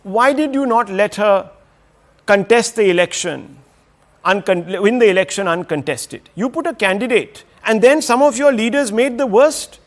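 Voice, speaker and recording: A man's voice: sits high, normal speed. A man moderating a televised news debate, pressing guests with rhetorical questions.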